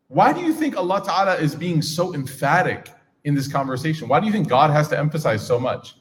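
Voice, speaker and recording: A man's voice: a little high, lively intonation, a little fast. A man teaching a class on scripture, casual and engaging, asking his audience questions. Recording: reverberant hall.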